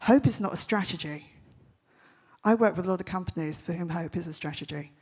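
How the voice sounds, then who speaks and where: A woman holds a stage with a brash, joking keynote, firing off punchy stories. Her voice sits a little low and has a husky edge to it. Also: a little mellow. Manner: brash, punchy storytelling with quick jokes. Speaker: festival speaker. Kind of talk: comic keynote talk. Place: large event stage.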